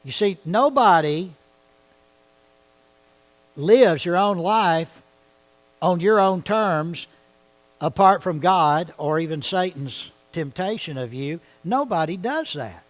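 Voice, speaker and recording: A man leads a Bible study in a church. His voice sits a little high for a man. He talks in a conversational way and keeps checking in with his listeners. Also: animated, slow, long pauses, poor audio. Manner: conversational, asks the audience questions.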